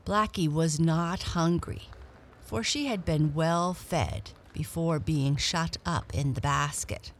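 A woman reading a children's storybook aloud in a gentle, expressive way. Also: sits low, takes it slowly, a little hiss or hum.

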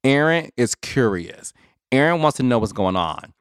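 Male podcast host, conversational and animated, clear resonant voice, mid pitch, dry close sound. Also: normal speed, no room sound. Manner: chatty, animated, addresses listeners as y'all. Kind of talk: casual solo commentary.

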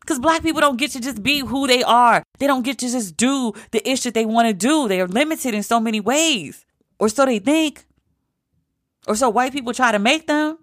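A woman's voice: on the high side, normal speed, fairly bright tone. A woman recapping a TV show in casual, emphatic talk, with some swearing. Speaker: TV show reviewer.

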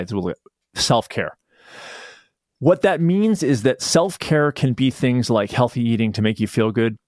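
A man talking as a guest author in a casual podcast conversation, telling stories with lively restarts. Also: on the low side, no echo, studio quality. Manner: animated storyteller, rambling restarts.

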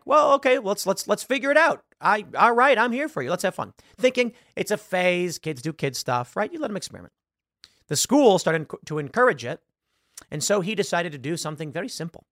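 A man's voice: a little high, no echo, studio quality. A man hosting a podcast, giving an opinionated commentary monologue and acting out the people in his stories. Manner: animated storytelling, acts out quoted voices. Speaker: podcast host.

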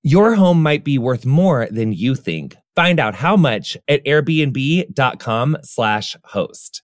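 A man's voice: mid-range voice, very animated, takes it slowly. A man reading an ad in a campy, chatty, flamboyant way. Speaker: host reading an ad. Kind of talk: casual ad read.

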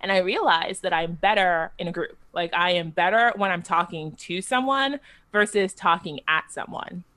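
Lively storytelling woman podcast guest. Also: lowish voice, moderate pace. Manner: lively storytelling, self-mocking, laughs mid-sentence. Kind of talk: casual podcast interview.

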